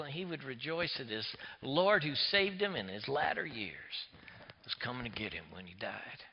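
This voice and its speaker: A man, preaching a sermon as a pastor, swinging between hushed near-whispers and loud emphatic passages. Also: fairly high pitch, sing-song, normal speed. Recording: echoey hall, dull lo-fi sound.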